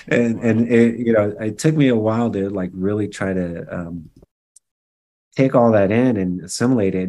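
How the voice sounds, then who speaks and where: A man's voice: low-pitched, fairly even intonation, normal speed, mellow. A man speaking as an interview guest, telling a personal story in a casual way, with many fillers and restarts.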